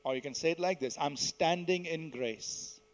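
High-voiced man preaching a sermon. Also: normal speed. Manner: teaching verse by verse, calling the congregation to repeat phrases; swells loud on key words, then drops to soft endings.

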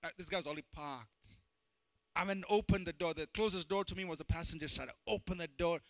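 A man preaching a sermon as pastor, animated and telling stories with self-deprecating humor. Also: fairly high pitch, quick pace, dry recording, poor audio.

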